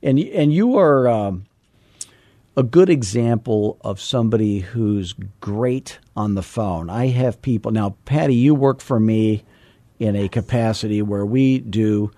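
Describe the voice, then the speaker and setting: A man's voice: lowish voice, measured pace, dark tone, dry recording. A middle-aged man hosting a podcast, coaching in a casual, joking, folksy way. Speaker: podcast host and real estate coach.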